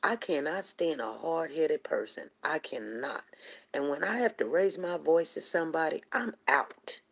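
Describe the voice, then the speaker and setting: Husky, gravelly woman chatting on a livestream. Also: deep voice, expressive, moderate pace. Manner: chatty, rambling, talks straight to viewers; greets viewers from the chat by name. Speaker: livestream host. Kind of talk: casual livestream chat.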